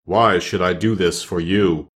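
A man voicing a slow, stern giant-head wizard. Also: deep voice, steady tone, a bit bright, voice pushed down. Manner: slow, commanding.

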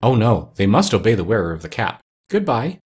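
A man voicing a small, kindly queen of the mice with a squeaky voice, in a storybook reading. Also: big pitch swings, fairly quick, a little mellow, slightly rough, exaggerated voice. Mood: helpful.

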